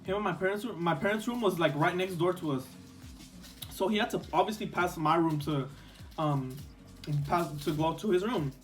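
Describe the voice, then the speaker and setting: High-voiced young guy rambling a storytime. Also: moderate pace. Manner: rambling, lots of "like" and restarts, slips into Spanish. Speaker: vlogger. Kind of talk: casual storytime chat while eating.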